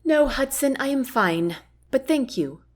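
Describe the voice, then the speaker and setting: A woman's voice: high voice, animated, measured pace, voice pushed up. A woman voicing a proud young queen in a storybook reading, speaking in a firm, indignant way. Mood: wry. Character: proud young queen, defiant and quick to anger.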